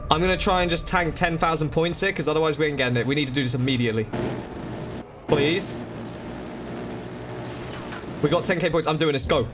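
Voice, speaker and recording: A young man commentating his game live, excitable, swearing and begging the game for help. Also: on the high side, a little fast, pauses often, background noise. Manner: swears, begs and pleads under pressure. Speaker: gaming streamer. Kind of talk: frantic live gameplay commentary. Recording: loud game music behind. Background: game music.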